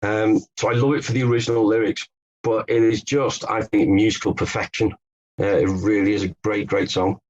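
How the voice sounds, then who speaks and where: A man's voice: fairly low pitch, level tone, a little fast, a little mellow, highs cut off. A man, an author and Beatles expert, telling stories as a podcast guest with some fillers and restarts. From England. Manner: storytelling, explanatory, with fillers and restarts. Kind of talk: podcast interview answers.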